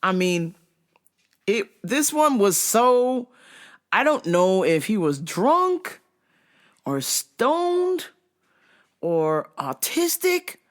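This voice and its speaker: A woman hosting a show, telling comic stories in a loose, profane, animated way. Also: medium pitch, very slow, pauses often. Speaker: host. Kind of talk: casual comedic storytelling.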